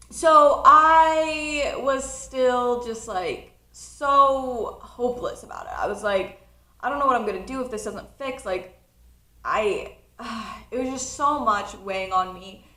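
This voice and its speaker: A nineteen-year-old woman telling a personal story in a casual vlog, chatty and animated, often laughing. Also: high voice, slow, reverberant. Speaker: college student vlogger.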